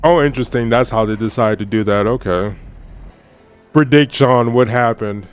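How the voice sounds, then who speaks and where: A man's voice: medium pitch, moderate pace, clear, resonant tone, faint music behind. A man co-hosting a casual reaction video, joking, laughing often and swearing casually. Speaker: co-host reacting to a show.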